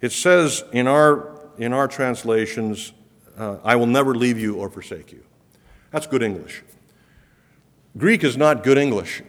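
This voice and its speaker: Male preacher, mid-pitched, earnest and emphatic, long hall reverb. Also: measured pace, fairly bright tone. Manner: earnest, emphatic, rising for repeated promises. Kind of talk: sermon.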